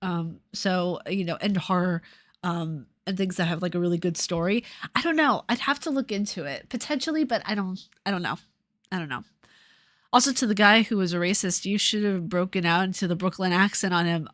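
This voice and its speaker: A woman's voice: fairly low pitch, fairly quick, fairly bright tone, no echo, studio quality. Chatty New York woman streamer. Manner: rambling, swears freely, laughs often. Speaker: YouTuber reading live chat. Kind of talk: casual livestream chat.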